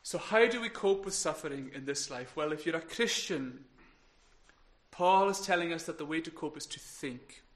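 A man preaching a sermon in an earnest way, building to emphatic peaks and then dropping quiet. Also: on the high side, lively intonation, normal speed. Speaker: pastor.

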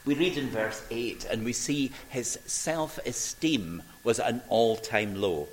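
Older man preaching slowly. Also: medium pitch, low-quality recording. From Scotland. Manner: storytelling, acts out quoted voices, slow emphatic pauses. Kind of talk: sermon.

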